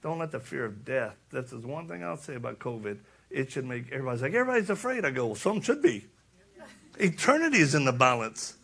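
A middle-aged man giving a sermon-style talk, joking and animated, then urgent and challenging. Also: medium pitch, quick pace, creaky, hardly any pauses, slightly rough. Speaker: speaker.

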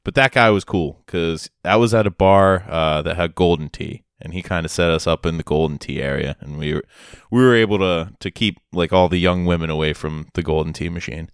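A man's voice: low voice, fairly quick, hardly any pauses, clear, resonant tone, no echo, studio quality. A man telling rambling, sarcastic stories in a casual chat with a friend. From Massachusetts.

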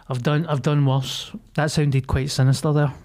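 A man's voice: fairly high pitch, a little mellow. Blunt, sweary Scottish man. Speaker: podcast co-host. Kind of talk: casual chat.

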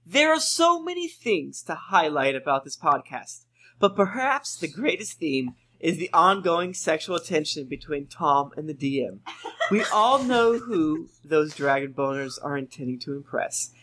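A man's voice: fairly high pitch, sing-song, unhurried, sharp tone. A man co-hosting a casual podcast among friends, reading listener reviews aloud with playful, jokey emphasis.

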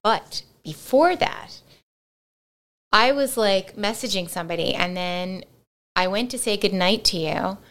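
Woman co-host, casual chat, lively anecdotes, frequent laughter. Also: mid-range voice, a little slow. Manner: animated storyteller, laughs often. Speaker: podcast co-host.

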